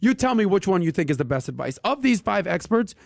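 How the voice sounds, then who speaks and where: A man hosting a casual personal finance podcast, talking with punchy emphasis and lively asides. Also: high-pitched, fast talker, gravelly, dry recording, studio quality. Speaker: podcast host.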